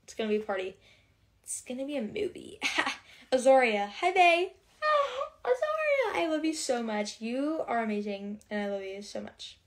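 A woman's voice: on the high side, normal speed. A young woman hosting a casual livestream, chatting to viewers and reading out comments in a bubbly, rambling way full of filler words.

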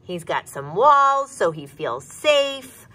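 A woman leading a virtual circle time lesson for young children from her office, speaking in a sing-song, expressive way and asking the children questions. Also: medium pitch, slow pace. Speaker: preschool teacher.

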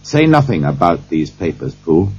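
A worried middle-aged Victorian lawyer, anxious and questioning, put on by a storyteller. The voice is very husky and dark, with pitch that climbs high when he is alarmed. The recording sounds dull and lo-fi. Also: sing-song, moderate pace, heavily acted.

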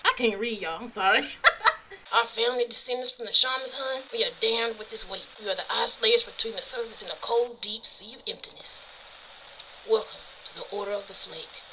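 A woman's voice: a little high, moderate pace, bright, forceful tone, a little hiss or hum, low-quality recording. A woman voicing an older country grandfather in a horror game, with a put-on Southern US country accent and a solemn, earnest manner.

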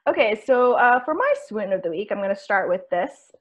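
A young woman in her twenties co-hosting a casual podcast chat over a video call, giggly and quick to break into laughter. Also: mid-range voice, expressive, lo-fi sound. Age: 20s. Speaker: podcast co-host.

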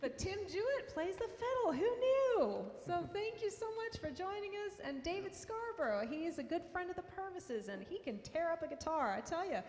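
Brief: upbeat female song leader, high voice, echoey church hall with faint ambience. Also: very animated, moderate pace, few pauses, darkish tone. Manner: upbeat, chatty. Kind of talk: casual church announcements. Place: church sanctuary. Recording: roomy church hall, faint room noise.

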